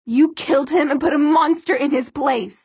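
A woman's voice: fairly high pitch, unhurried, no echo, full character voice. A woman playing a screaming, terrified mother. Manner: screaming, rough with terror. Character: terrified mother, shrieking at a son she calls a monster. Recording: tinny narrow-band audio, dry.

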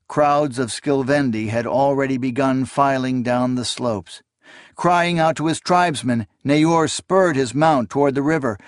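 Male audiobook narrator, mid-pitched, steady and measured, dry close recording. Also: no echo. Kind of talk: scripted fantasy narration.

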